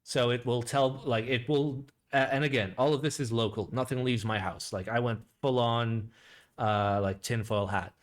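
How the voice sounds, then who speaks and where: A man's voice: medium pitch, steady tone, normal speed. A man hosting a live stream, chatting casually and reacting, with a rambling, profane delivery full of filler words. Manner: rambling, sweary, lots of "like" fillers.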